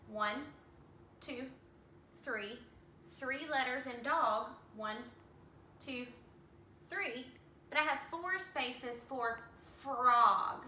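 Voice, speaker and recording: Woman, teacher, high voice, slow, sounds out letters, echoey room, distant mic. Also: sharp tone, a little hiss or hum. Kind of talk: early reading lesson for young children.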